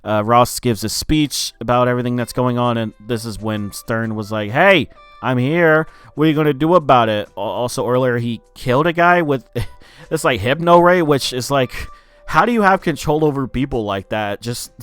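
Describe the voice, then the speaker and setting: A man's voice: mid-range voice, clean tone. A man casually recapping a movie plot for his review channel, loose and profane, with lots of filler words. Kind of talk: casual spoken film review.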